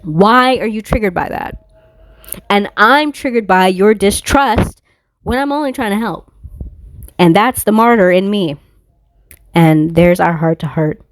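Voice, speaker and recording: A woman's voice: mid-range voice, unhurried, pauses often, no room sound. Blunt, profane woman reading tarot. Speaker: tarot reader. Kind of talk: casual tarot reading monologue. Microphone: phone.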